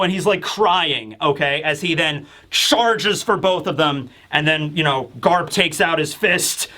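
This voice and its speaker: Excitable, bright-voiced male manga reviewer. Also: on the high side, a little slow, few pauses. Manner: excitable, rambling, swears casually. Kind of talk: casual chapter review.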